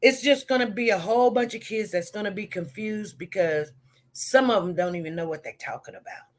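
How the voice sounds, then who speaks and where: A woman nurse chats on a live stream, circling back over the same points and checking in with her listeners. Her voice sits at an ordinary middle pitch for a woman. The delivery is loose and conversational. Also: fairly quick. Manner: rambling, repetitive, talks straight to viewers. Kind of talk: casual live-stream storytelling.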